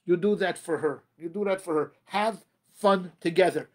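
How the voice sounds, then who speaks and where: A high-pitched man speaks as a rabbi giving a motivational talk on marriage. He talks emphatically and repeats his phrases. He often turns to the audience with "ladies and gentlemen.". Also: moderate pace.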